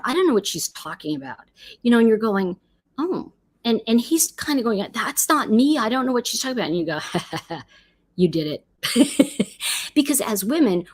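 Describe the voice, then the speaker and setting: A middle-aged woman hosting a casual livestream, reading viewer comments and talking in a chatty way with lots of fillers and restarts. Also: medium pitch.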